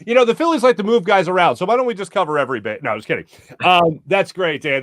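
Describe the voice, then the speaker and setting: A man hosting a sports talk show, interviewing his guest with excitement and gushing praise. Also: high voice, quick pace. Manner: excited, gushing, animated storytelling. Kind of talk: enthusiastic interview chat.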